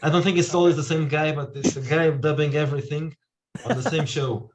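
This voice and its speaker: A man from Portugal, a guest talking casually and pausing to search for words. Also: fairly high pitch, fairly even intonation, noisy background. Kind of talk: casual chat.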